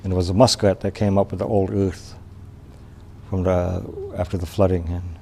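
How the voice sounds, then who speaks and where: Male storyteller from Wisconsin, low gravelly voice, mellow, unhurried oral telling. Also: little pitch movement, a little hiss or hum. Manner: unhurried, plain-spoken, with pauses and restarts.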